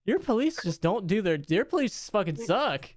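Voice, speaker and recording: A man's voice: sits high, big pitch swings, moderate pace, no echo, studio quality. A young man hosting a casual podcast, joking and incredulous, swearing as he reacts. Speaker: podcast host. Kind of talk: casual chat.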